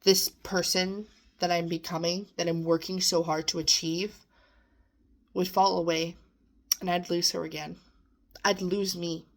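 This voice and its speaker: A woman's voice: lowish voice, flat delivery, unhurried, pauses often. A young woman talking earnestly in a personal vlog, sometimes close to tears as she encourages herself and her listeners. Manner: earnest, emotional, self-encouraging. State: near tears at times. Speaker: vlogger. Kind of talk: personal reflective monologue.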